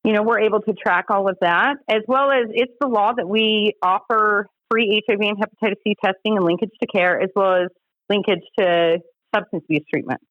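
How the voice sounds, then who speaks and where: A woman in her forties with a Utah accent, a podcast guest telling stories in an animated, laughing way. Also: mid-range voice, no echo. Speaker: podcast guest, harm reduction director. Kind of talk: casual storytelling chat. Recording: slightly dull dry podcast audio.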